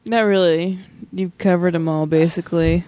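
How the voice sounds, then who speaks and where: A woman's voice: lowish voice, fairly even intonation, normal speed, mellow. A teenage girl in a casual chat, giggly and giving short answers. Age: teens. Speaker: co-host.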